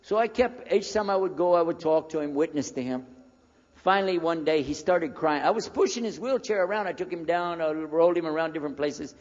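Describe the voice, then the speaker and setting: In a dull, lo-fi recording from a reverberant hall, a preacher from the United States in his sixties delivers a storytelling lecture. He speaks briskly at a fairly high pitch, animatedly performing the conversations he recalls.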